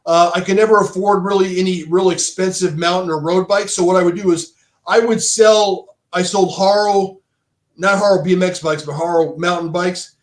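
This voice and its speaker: This podcast guest, a middle-aged man who ran a bike shop, talks at a moderate pace in a high-pitched, fairly even voice. His casual, rambling anecdotes are full of restarts and "dude," heard with a roomy echo.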